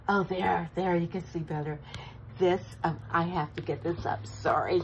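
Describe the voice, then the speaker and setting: A woman, vlogging an unboxing with gushing, breathless excitement and frequent gasps. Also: on the low side, moderate pace, background noise. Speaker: crafting vlogger. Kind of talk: unboxing vlog chat.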